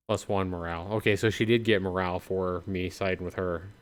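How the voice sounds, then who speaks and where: Tired, chatty livestream gamer, low smooth voice. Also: male voice, steady tone, moderate pace, few pauses. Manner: chatty, talks to chat. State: tired, yawning. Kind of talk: let's-play commentary.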